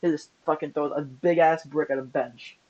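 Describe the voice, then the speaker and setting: High-voiced, excitable young guy telling a story. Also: normal speed. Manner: excitable, profane, laughing storyteller. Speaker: podcast co-host. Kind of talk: casual chat, storytelling. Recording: muffled lo-fi audio.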